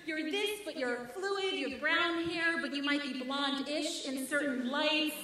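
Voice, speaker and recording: Bright-voiced woman rabbi preaching. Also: sits high, a little slow, a little hiss or hum. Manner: expressive, rhythmic preaching with wry humor. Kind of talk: sermon. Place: large synagogue sanctuary. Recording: echoey sanctuary, mic at a distance.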